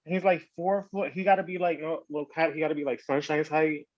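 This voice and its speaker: A man's voice: on the high side, fairly quick, no room sound, muffled recording. A man on a podcast telling a story in casual slang, acting out what people said. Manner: animated, slangy storytelling with quoted voices. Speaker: podcast host.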